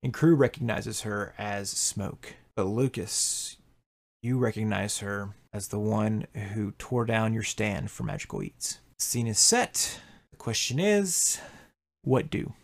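A man's voice: on the low side, big pitch swings, a little slow. A man narrating a tabletop game as game master, describing scenes and laughing often. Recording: faint music behind.

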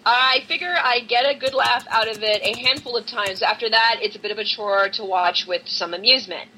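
A woman's voice: on the high side, brisk, pushed and bright, a little hiss or hum, low-quality recording. A woman co-hosting a horror film podcast, chatting casually, laughing often and reading listener emails aloud. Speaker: podcast co-host.

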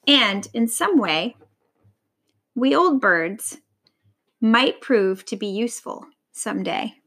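A woman voicing a kindly old female vulture in a storybook reading, speaking calmly and softly. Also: fairly high pitch, takes it slowly, exaggerated voice. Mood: gentle.

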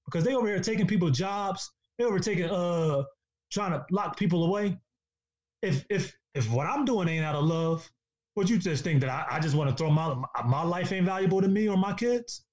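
A man's voice: high-pitched, fairly quick, a little mellow. A man in a casual podcast discussion, talking in an emphatic, preachy way and repeating himself for stress. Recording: dull lo-fi sound.

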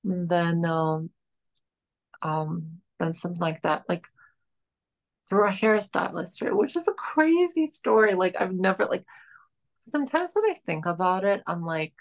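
A woman in her late 20s from the country of Georgia speaks a little slowly in a lowish, expressive voice. She's a podcast guest chatting casually, rambling with lots of fillers.

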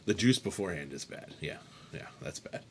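A man's voice: deep voice, lively intonation, fairly quick, a bit bright, a little hiss or hum. Guy hosting a chill chat, rambly, laughs a lot, voice jumps all over. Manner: rambling, laughing storyteller with many restarts. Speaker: host. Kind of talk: casual chat.

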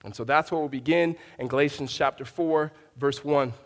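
A man's voice: fairly high pitch, normal speed, in a large hall. A man preaching a sermon as a pastor, conversational, often restarting his sentences and telling stories. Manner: conversational, with frequent restarts and storytelling asides.

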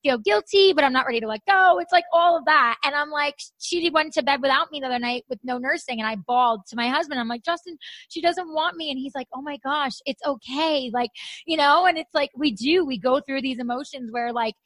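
High-voiced young woman, chatty host. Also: a little fast, fairly bright tone, no echo. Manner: chatty, says "like" constantly. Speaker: podcast host. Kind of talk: casual chat.

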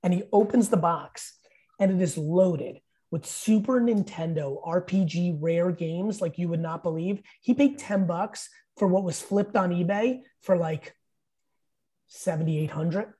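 This is a man in his fifties speaking as a podcast guest, with a husky, slightly breathy voice and a mellow, dark tone. He tells stories emphatically, swears freely and acts out quotes in casual chat. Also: sits high, unhurried. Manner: profane, emphatic storyteller who acts out quotes.

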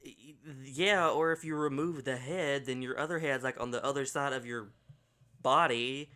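Bright-voiced teasing podcast co-host man. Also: medium pitch, moderate pace. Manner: teasing, sarcastic banter with frequent laughs. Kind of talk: casual chat.

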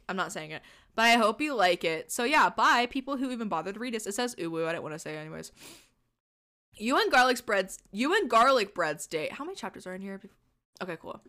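A woman's voice: mid-range voice, pushed and bright. A young woman hosting a podcast, reading a silly fanfiction aloud with playful, laughing asides. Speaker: podcast host.

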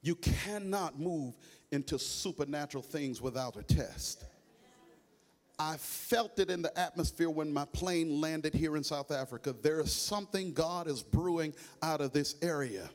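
A man with a Southern American accent preaching a sermon in a church, in a chanting, sing-song cadence that rises to shouts. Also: on the high side, a little slow. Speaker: bishop preaching.

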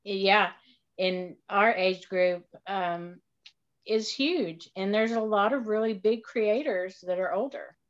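A middle-aged woman speaks very slowly and hesitantly, padding her thoughts with fillers as she searches for words. The audio is dull and lo-fi. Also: mid-range voice. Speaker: guest. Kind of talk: casual interview chat.

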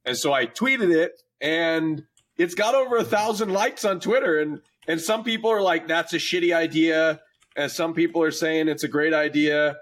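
A man's voice: a little high, normal speed, fairly bright tone. A man chatting on a podcast, rambling and hesitant with many restarts. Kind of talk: casual podcast chat.

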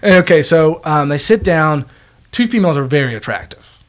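A young man with a slightly high voice chatting casually on a podcast. He tells his story with jokes and quick laughs. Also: expressive. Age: 20s. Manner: joking storyteller, laughs often. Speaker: podcast co-host. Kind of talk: casual chat.

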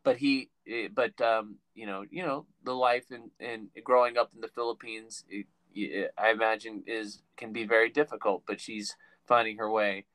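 A man's voice: lowish voice, steady tone, normal speed, a bit bright, no echo, poor audio. A man hosting a podcast, chatting casually and telling rambling stories that stop and restart. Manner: rambling, self-interrupting storyteller. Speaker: podcast host. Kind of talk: casual interview chat.

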